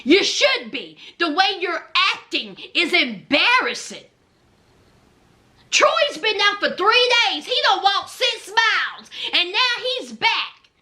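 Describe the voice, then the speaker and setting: A woman giving a sassy, expressive recap of a reality TV show, drawing out her words. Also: very high voice. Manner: expressive, sassy, drawn-out delivery. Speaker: reality TV commentator.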